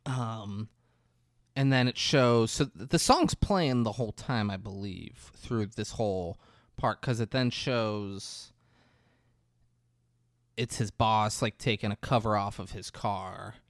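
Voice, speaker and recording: A man co-hosting a casual movie podcast, retelling scenes with lively acted-out voices. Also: fairly low pitch, no room sound, studio quality. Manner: animated storyteller, acts out movie scenes in quick voices. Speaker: podcast co-host. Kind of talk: casual movie recap chat.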